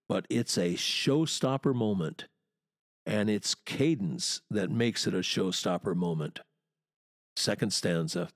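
A man delivers a poetry lecture at an unhurried pace, lingering on each important word. His voice carries a gravelly rasp. The recording is close and dry, with no room sound. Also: medium pitch, dry recording. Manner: deliberate, emphatic, savoring key words. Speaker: literature teacher.

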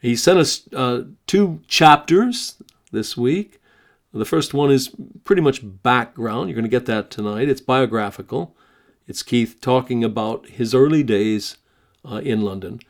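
An American man hosting a podcast, talking conversationally with many pauses and reading a written story aloud. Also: medium pitch. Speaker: podcast host.

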